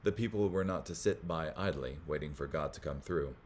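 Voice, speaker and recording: A man hosting a Bible study, reading commentary aloud in a measured way, with small slips that he corrects as he goes. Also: rumbling low.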